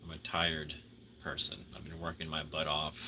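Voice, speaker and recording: A tired man hosting a casual livestream chat with viewers, rambling and swinging between loud excitement and low mumbles. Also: moderate pace, background noise. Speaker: livestream host chatting with viewers.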